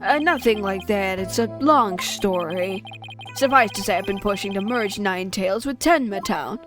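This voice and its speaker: A woman's voice: medium pitch, normal speed, music in the background, natural voice. A woman voicing a pompous, fussy male mayor who talks in flowery, grand phrases while reading a game aloud.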